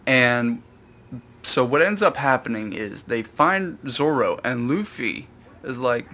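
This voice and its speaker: A man casually retelling a manga chapter in a rambling, animated way, with quick put-on voices for the characters. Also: medium pitch, a little hiss or hum. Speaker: YouTube host.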